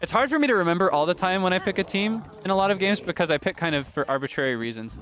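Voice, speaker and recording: A man's voice: high voice, animated, rapid-fire, hardly any pauses, a bit bright, a little hiss or hum. A man streaming a video game, chatting casually in a playful way and laughing often. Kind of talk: casual gameplay commentary.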